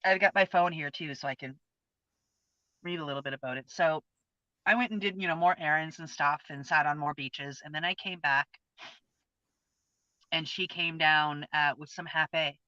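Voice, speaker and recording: A woman's voice: low-pitched, moderate pace, long pauses, sharp tone, no echo. Woman in her 50s sharing a personal story on a chat show, earnest and open, muffled lo-fi sound. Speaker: co-host. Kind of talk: casual chat about a personal experience. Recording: dull lo-fi, dry sound.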